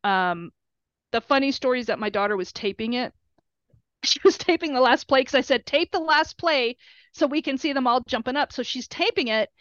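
A middle-aged woman, a player's mother, telling animated stories in an interview and acting out quotes in a shrill high voice. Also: normal speed, no room sound. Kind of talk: storytelling interview. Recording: dull lo-fi recording.

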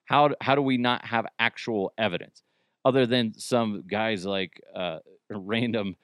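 A man hosting a casual podcast, tossing out profane jokes and laughing as he talks. His pitch swoops up and down freely, and the recording is close and dry. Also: sing-song, moderate pace, a bit bright, dry recording. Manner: joking, profane, laughs often. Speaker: podcast host.

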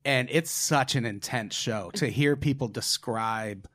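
A man hosting a casual podcast chat, retelling stories with animated asides. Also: mid-range voice, unhurried. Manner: animated retelling with acted quotes. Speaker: podcast host.

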